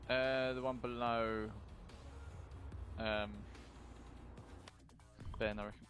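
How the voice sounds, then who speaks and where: A man's voice: medium pitch, little pitch movement, slow, fairly bright tone, soft background music. A man playing a farming game with friends, planning field work and teasing with dry remarks. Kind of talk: casual gaming chat.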